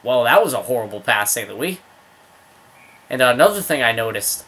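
A young man casually commentating his own hockey video game, rambling between excited outbursts at the plays. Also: mid-range voice, brisk. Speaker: gaming video host.

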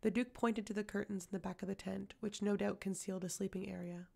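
A woman reading a fantasy novel aloud as audiobook narration, steady and even. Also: medium pitch, fast, creaky. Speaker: audiobook reader.

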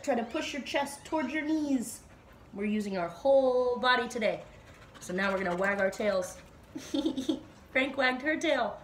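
A woman teacher guiding children through a slow, playful yoga flow with animal sounds, recorded at home. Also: on the high side, echoey room, slight background noise. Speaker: Montessori teacher leading kids' yoga. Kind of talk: gentle guided yoga instruction for children. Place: at home, dog nearby.

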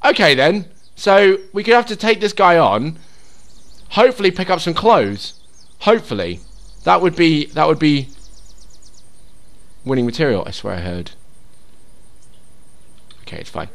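A man's voice: a little high, sing-song, normal speed, fairly bright tone. Sweary young man playing a game. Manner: swears a lot, talks to himself and the game; drops to a whisper while sneaking. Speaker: gaming YouTuber. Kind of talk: casual let's-play commentary.

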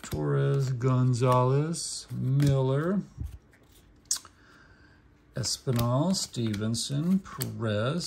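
Slow, gravelly man with an Okie-Hoosier accent. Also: mid-range voice, a little hiss or hum. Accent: Oklahoma and Indiana mix. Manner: reads names aloud one by one with short remarks. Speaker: card collecting channel host. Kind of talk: casual pack-opening commentary.

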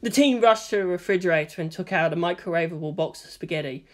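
A woman narrating a fan fiction story in an expressive storytelling manner. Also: on the low side, fast.

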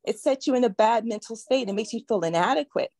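A woman in her forties sharing her experience on a video call, speaking earnestly and getting emotional, with halting pauses. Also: on the high side, animated, a little mellow, dry recording. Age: 40s. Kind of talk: emotional personal testimony.

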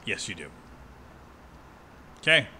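A man's voice: takes it slowly, background noise. A man streaming a game live, giving sarcastic, wry commentary.

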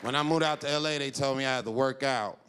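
A man's voice: medium pitch, fast, crowd noise. A man doing a stand-up comedy set on a club stage, telling loose stories and slipping into quoted voices. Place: comedy club stage before a live audience. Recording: live club with loud audience and room noise.

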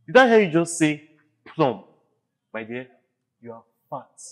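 A man playing a cruel mocking husband, Nigerian accent, unhurried, scornful delivery. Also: a little high, big pitch swings, fairly bright tone. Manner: scornful, taunting. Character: cruel husband mocking his wife's weight.

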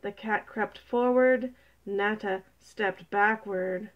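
Gentle, slow woman reading a picture book. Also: medium pitch, dull audio. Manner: gentle, expressive, unhurried. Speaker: storybook reader. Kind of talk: children's read-aloud.

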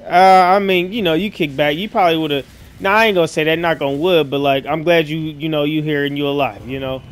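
Excitable slangy man playing a game. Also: a little high, fast talker. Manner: slangy, excitable, yelps when startled. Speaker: gaming streamer. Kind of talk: casual let's-play commentary. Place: dark room at night.

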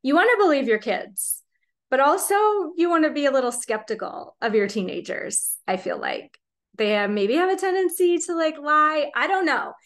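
A woman in her forties is telling a story to her viewers in a loose, chatty way. She leans on lots of fillers. Her speaking voice sits a little higher than average. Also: sing-song, moderate pace. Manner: chatty, rambling, filler-heavy. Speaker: vlogger and mother of teenagers. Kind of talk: casual storytelling to camera.

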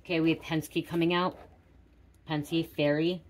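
A woman's voice: sits low, little pitch movement, measured pace, slight background noise. A middle-aged woman doing a casual spiritual card reading, musing aloud and repeating words as they come to her. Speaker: tarot reader.

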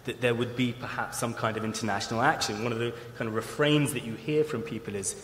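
A man moderating a festival panel, framing questions haltingly with frequent restarts. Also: medium pitch, steady tone, fairly bright tone. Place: large festival hall. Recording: roomy echo and long hall reverb, faint noise.

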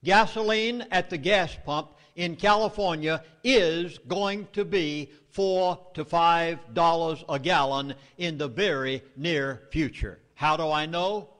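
A middle-aged man with a Southern US accent addresses a meeting in a public speech. He speaks in a fairly high voice. He delivers his warnings emphatically and urgently. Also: slow, hardly any pauses, fairly bright tone, long reverb tail.

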